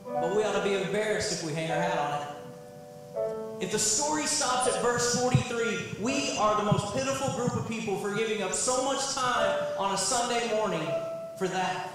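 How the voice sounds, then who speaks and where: A pastor giving a sermon, an excitable man whose voice jumps high when he is moved. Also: normal speed. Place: church sanctuary. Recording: echoey church sanctuary with music. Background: band playing.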